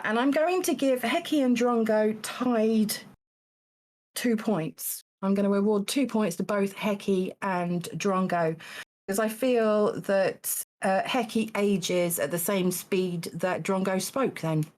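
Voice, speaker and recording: A woman hosting a live-streamed game show, halting and full of fillers, with dry teasing asides. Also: mid-range voice, a little mellow. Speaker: game show host judging contestants.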